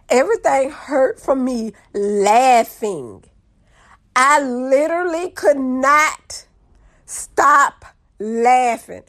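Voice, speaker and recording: Gal from spinning a story, high voice, swoops all over, takes her time. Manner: animated, drawling, addresses audience as y'all. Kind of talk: casual storytelling to viewers.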